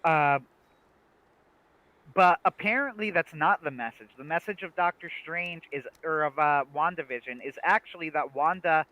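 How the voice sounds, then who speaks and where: A young man casually chatting on a livestream about a TV series, animated, laughing often and restarting his sentences. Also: fairly high pitch, dull audio. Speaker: livestream co-host.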